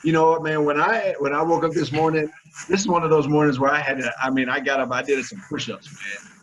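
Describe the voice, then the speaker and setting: A man's voice: on the high side, fast talker, a bit bright, a little hiss or hum, low-quality recording. Upbeat slangy man hosting a webinar. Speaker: webinar host. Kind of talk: casual webinar interview.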